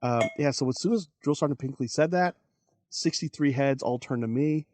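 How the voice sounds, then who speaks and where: A man in his forties recounts his army days as a podcast guest, animated and quick to act out other people's lines. His voice sits at an ordinary middle pitch, and the recording is close and dry. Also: dry recording. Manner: animated, acts out quoted voices, laughs while telling. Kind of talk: casual storytelling.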